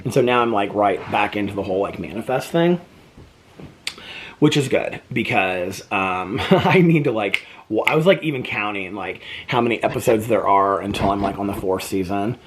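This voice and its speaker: A man's voice: moderate pace, slight background noise. A man vlogging at home in a casual, rambling chat full of fillers, cooing to his pet between stories. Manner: chatty, rambling with many fillers; coos to his pet in high baby talk.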